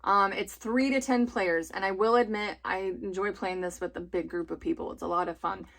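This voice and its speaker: A woman's voice: mid-range voice, steady tone, moderate pace. A woman in her thirties, a homeschooling mom, chatting enthusiastically about family board games and laughing often. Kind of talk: casual chatty review.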